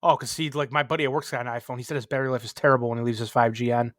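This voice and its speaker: A man's voice: medium pitch, fairly even intonation, racing, fairly bright tone. An American man in casual podcast chat, rambling and profane.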